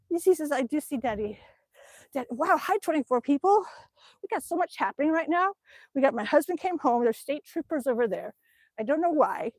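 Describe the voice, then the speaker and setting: Woman from Alaska, high voice, chatty, gushing, casual livestream, pedaling an exercise bike, outdoors, phone mic, dry. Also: a little mellow, no room sound. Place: outdoors by her home. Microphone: cell phone on a stand.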